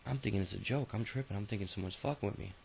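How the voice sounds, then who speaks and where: A man's voice: lowish voice, rapid-fire, creaky, slight background noise, low-quality recording. A man in his thirties telling his own life story in a rambling, profane, casual way, full of filler sounds. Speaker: autobiography narrator. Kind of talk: casual spoken memoir storytelling.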